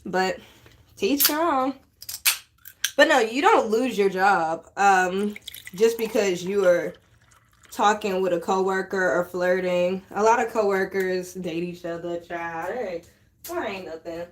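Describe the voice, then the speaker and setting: A flight attendant woman gossiping casually to the camera, animated and laughing between sentences, from a hotel room on a layover. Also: medium pitch, unhurried. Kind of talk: casual chatty storytime to camera.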